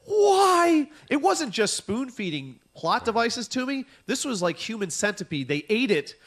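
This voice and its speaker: A man's voice: sits high, sing-song, normal speed, a bit bright. A man co-hosting a comedy podcast, ranting animatedly and profanely, often acting out his own exasperated reactions. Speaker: podcast co-host. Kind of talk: casual comedic chat.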